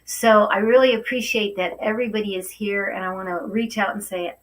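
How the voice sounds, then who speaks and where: A woman's voice: mid-range voice, fairly even intonation, brisk, few pauses, far from the mic, rough recording. A woman hosting a spiritual talk show, effusive and exclaiming often. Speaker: show host.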